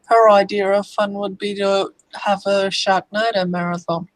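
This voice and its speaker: An Australian in their forties chatting casually with a dry, wry wit. The voice sits at an ordinary pitch and sounds close and dry, with no room echo. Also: level tone, unhurried. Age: 40s. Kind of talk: casual voice chat.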